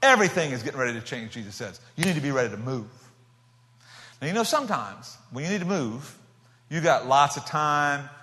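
A man preaching a sermon, telling stories with animation and swinging from loud bursts to hushed tones. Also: medium pitch, very animated, fairly quick. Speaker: pastor. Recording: long reverb of a church hall.

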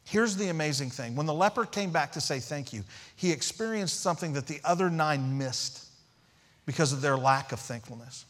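A man's voice: on the high side, expressive, moderate pace, a bit bright. A man preaching a sermon as pastor, emphatic, repeating key phrases and asking rhetorical questions.

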